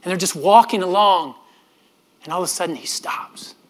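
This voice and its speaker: A middle-aged man, a pastor, preaching a sermon in an earnest manner, often dropping his voice softly and repeating words as he goes. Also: high-pitched, moderate pace. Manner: earnest, with frequent soft drops and repeated words.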